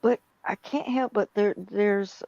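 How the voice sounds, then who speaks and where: A woman's voice: mid-range voice, slow, dark tone, no echo, dull audio. A woman co-hosting a casual chat show, rambling in a folksy way with homespun sayings. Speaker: co-host.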